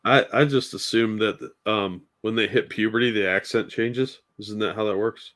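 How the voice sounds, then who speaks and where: A man's voice: lowish voice, steady tone, moderate pace, fairly bright tone. A man on as a guest co-host of a streamed chat, laid-back and joking. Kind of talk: casual chat.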